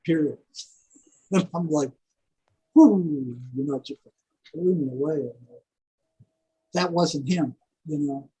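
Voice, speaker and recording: An older man telling a long story in a rambling, animated way, full of fillers and asides. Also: on the high side, slow pace, pauses often, breathy edge, rough recording. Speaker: guest, former prison psychology worker. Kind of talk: casual storytelling interview.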